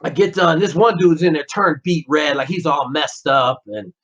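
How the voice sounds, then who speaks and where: A man's voice: fairly high pitch, moderate pace, fairly bright tone, slight background noise. A man, a former Navy SEAL, telling a story as a podcast guest in a blunt, profane way, acting out the dialogue. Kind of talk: casual storytelling interview. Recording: slightly dull lo-fi podcast audio.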